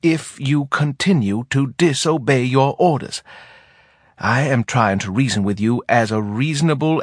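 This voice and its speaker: A feeble, whining older commander, as a male reader puts him on, short of breath and lifting his voice a little higher than a plain speaking tone. He pleads and lectures in wordy official phrases, in a dry, close audiobook recording. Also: slightly rough, no room sound. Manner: pleading, long-winded officialese. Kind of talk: audiobook character reading.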